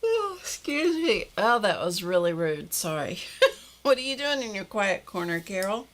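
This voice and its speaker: Chatting with her live stream audience, this older host greets viewers by name, reads their comments casually and laughs a lot. She speaks at a normal speed in a fairly low, slightly bright voice with lively intonation.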